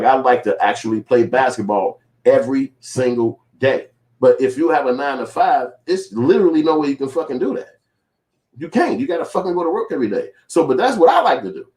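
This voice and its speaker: A man's voice: mid-range voice, a little mellow. A man filmmaker in a casual commentary vlog, rambling and profane, acting out little quoted scenes. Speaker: filmmaker and vlogger.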